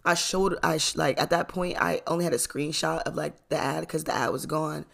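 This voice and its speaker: Gravelly, chatty young storyteller. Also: mid-range voice, fairly even intonation, fairly quick, a bit bright. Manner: chatty, lots of fillers, frequent laughs and swearing. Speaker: storytime vlogger. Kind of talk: casual storytime.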